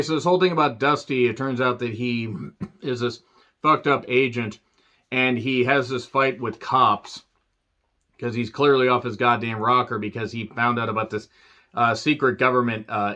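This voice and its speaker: A man's voice: mid-range voice, bright, forceful tone, lo-fi sound. Sarcastic, swearing man ranting about a movie. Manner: sarcastic, swearing, laughing asides. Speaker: film reviewer. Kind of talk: profane movie review rant.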